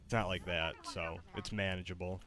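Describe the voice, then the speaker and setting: A man streaming a game, chatting casually and haltingly with many fillers. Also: deep voice, fairly even intonation, noisy background. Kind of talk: casual live-stream chat.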